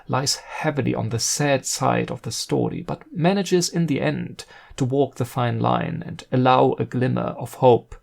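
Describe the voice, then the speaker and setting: A man's voice: mid-range voice, gravelly. A man giving an earnest, admiring scripted narration about opera. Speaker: video essayist.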